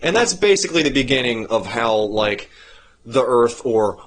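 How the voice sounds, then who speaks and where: A man hosting a podcast, telling a story in a rambling, profane, animated way. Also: mid-range voice, normal speed. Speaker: podcast host. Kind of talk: casual chat.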